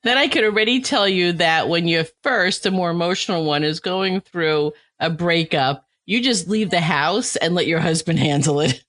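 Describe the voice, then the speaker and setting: A woman with a somewhat low voice leads a relaxed interview, chiming in with reactions and laughter. She sounds close and dry on the microphone. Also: normal speed, few pauses, no echo. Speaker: podcast host, lactation consultant. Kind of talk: casual interview chat.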